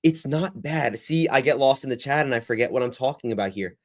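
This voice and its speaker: A young man hosting a casual livestream Q&A, rambling and reacting to the chat in a lively, chatty way. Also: medium pitch, fairly quick. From United States. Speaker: livestream host.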